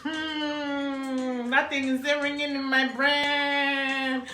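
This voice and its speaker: A Nigerian woman telling a personal story in casual, animated talk, laughing often and mixing in pidgin. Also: sits high, very slow. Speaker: vlogger. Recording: echoey room with music behind.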